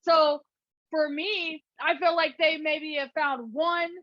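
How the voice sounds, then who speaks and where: A woman with a high voice chats on a casual podcast, reacting with frequent exclamations. Her mic sounds dull and lo-fi, and the sound is dry. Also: fairly even intonation, slow, no echo. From United States. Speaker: co-host.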